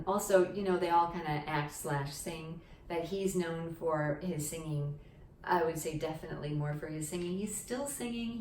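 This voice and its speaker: A woman with a fairly low voice talks through a casual language lesson. She explains things step by step and keeps checking in with the listener. The sound is roomy and a little distant, with faint ambience behind her. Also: a little mellow, a little hiss or hum. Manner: chatty, explains with many "okay" and "right?" checks. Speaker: Cantonese teacher. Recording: echoey room, a bit distant from the mic.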